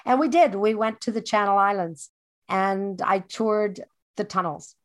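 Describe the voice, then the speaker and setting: A woman recounts a personal story with lively, emphatic delivery. She often repeats a phrase two or three times to press the point home. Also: medium pitch, unhurried. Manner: animated, emphatic, repeats lines for effect.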